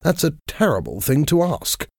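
A man's voice: mid-range voice, big pitch swings, measured pace, darkish tone, no echo, clean studio sound, voice pushed up. A man doing a cold, refusing scientist. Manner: stiff, refusing. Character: shocked, cold male scientist.

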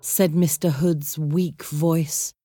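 A woman reading a children's storybook aloud in a clear, measured storytelling voice. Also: deep voice, steady tone, warm tone, dry recording, clean studio sound. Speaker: narrator.

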